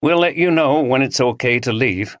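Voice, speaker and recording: A narrator voicing a calm, polite police detective speaking in a measured, sympathetic way. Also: medium pitch, no echo, voice pushed up, lightly acted. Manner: measured, courteous.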